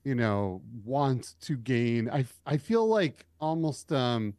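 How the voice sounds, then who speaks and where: A man's voice: medium pitch, sing-song, takes it slowly, darkish tone, clear, resonant tone, no echo, clean studio sound. A man co-hosting a podcast, talking casually and hesitantly with many restarts. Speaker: podcast co-host. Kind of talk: casual chat.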